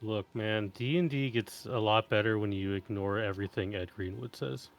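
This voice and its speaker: A man co-hosting a tabletop podcast, blunt and wry, with quick one-liners. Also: on the low side, steady tone, vocal fry, faint music behind. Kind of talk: casual chat.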